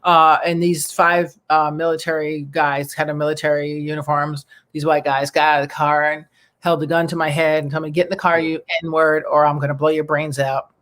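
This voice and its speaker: A middle-aged woman from the New York area hosting a talk show, telling stories in a lively, animated way. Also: low voice, normal speed. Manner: animated storyteller who acts out quoted voices. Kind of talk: casual chat, storytelling.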